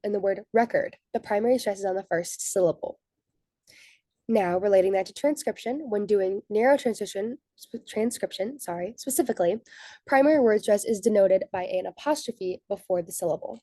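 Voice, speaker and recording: Mellow-voiced woman presenting a class lesson. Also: mid-range voice, no echo. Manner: methodical, reads from prepared notes. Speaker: student presenter. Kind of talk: scripted slide presentation.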